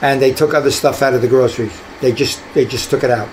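A man's voice: medium pitch, fast, a little hiss or hum, poor audio. An older man, a retired detective, telling stories from his career in an interview, acting out the voices he quotes. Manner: animated, acts out quoted voices. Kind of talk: storytelling in an interview.

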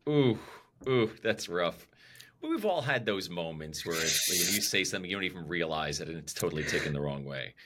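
A man's voice: low-pitched, sing-song, a little fast, fairly bright tone. A man hosting a casual podcast who makes self-mocking jokes and gives short replies. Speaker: podcast host.

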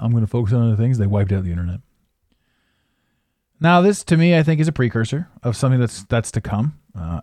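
A man delivers a casual podcast rant, blunt and profane, laughing now and then. His voice swings widely in pitch as he hammers his points home. The sound is dry, with no room echo. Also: warm tone. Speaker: podcast host. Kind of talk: casual ranting monologue.

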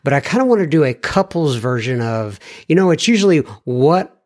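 A man hosting a podcast, asking questions in a relaxed, easygoing conversational way. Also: a little high, fairly quick. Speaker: podcast host. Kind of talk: conversational interviewing.

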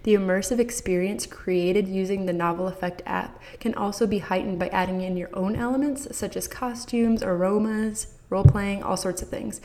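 An enthusiastic woman hosting a parenting podcast. Her delivery is bright and encouraging, and she talks directly to her listeners like a friendly coach. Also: medium pitch, steady tone, normal speed, few pauses. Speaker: podcast host. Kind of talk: upbeat parenting advice podcast.

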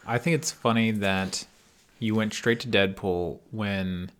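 A man's voice: on the low side, steady tone, measured pace. Laid-back swearing podcast guy. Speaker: podcast co-host. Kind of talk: casual podcast chat.

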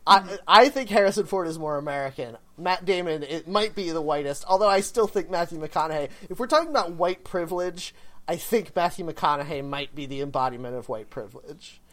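Animated, laughing podcast co-host. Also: female voice, deep voice, a little fast. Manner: animated, laughing, talks over others. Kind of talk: casual chat.

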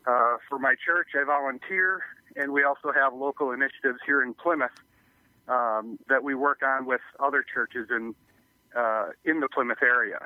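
A man's voice: mid-range voice, steady tone, moderate pace, no room sound. A man interviewed by phone as a youth ministry guest, explaining in an earnest way. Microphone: telephone. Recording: tinny phone line.

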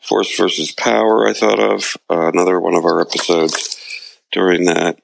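A male podcast co-host with a low, creaky voice talks at a moderate pace with flat delivery, rambling through anecdotes in a casual chat and laughing a lot. The low-quality recording has no echo.

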